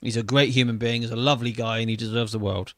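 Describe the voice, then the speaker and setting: A man in his thirties hosts a wrestling podcast in a loose, chatty way, swinging between excitement and open emotion. He drops casual swears as he goes. His voice sits mid-range and sounds dry and close to the mic. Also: medium pitch, quick pace, dry recording. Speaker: podcast host. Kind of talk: casual wrestling review chat.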